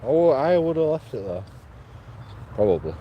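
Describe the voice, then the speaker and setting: A man's voice: a little high, big pitch swings, unhurried, highs cut off, slight background noise. A man, a streamer talking on a walk outdoors, blunt and rambling with lots of swearing. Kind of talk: casual walking vlog.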